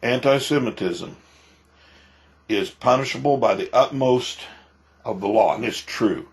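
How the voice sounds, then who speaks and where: A man's voice: medium pitch, unhurried, gravelly. A male pastor giving emphatic preaching commentary, repeating himself and firing off rhetorical questions.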